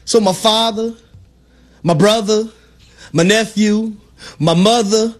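A man's voice: sits high, takes it slowly. A man co-hosting sports talk radio, telling stories with an exuberant, preachy delivery and playful quotes.

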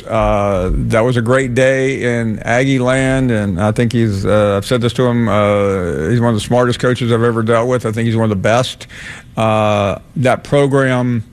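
A man hosting a sports talk radio show, answering callers in a measured, hesitant way with frequent fillers. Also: mid-range voice, clean tone.

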